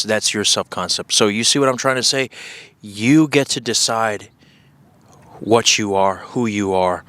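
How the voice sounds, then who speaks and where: A man giving a casual motivational monologue outdoors as a self-help coach, assertive and rhetorical, with drawn-out pauses. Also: fairly low pitch, a bit bright. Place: outdoors with scenery.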